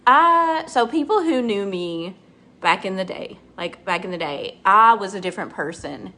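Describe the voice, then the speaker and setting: A woman's voice: mid-range voice, lively intonation, moderate pace, a bit bright. A middle-aged woman, chatting and rambling through a casual makeup tutorial and talking to her viewers by name. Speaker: makeup vlogger.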